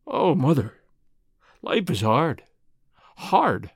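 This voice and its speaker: A man's voice: high-pitched, huge pitch swings, moderate pace, dry recording, clean studio sound, heavily acted. A man voicing an anguished young man, a prodigal son, speaking thickly and brokenly with guilt.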